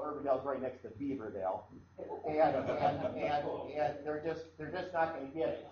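Male pastor from Iowa, sermon, conversational, restarts phrases, echoey hall, dull faint-noise recording. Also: medium pitch.

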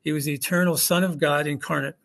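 A man preaching a sermon, his voice sitting a bit high. He talks in a relaxed way and keeps asking rhetorical questions of the congregation. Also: quick pace, vocal fry. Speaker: pastor. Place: church hall with congregation.

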